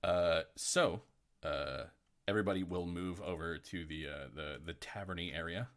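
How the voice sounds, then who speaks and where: A man's voice: sits low, moderate pace, a bit bright. A man running a tabletop game as game master, chatty and rambling, laughing often.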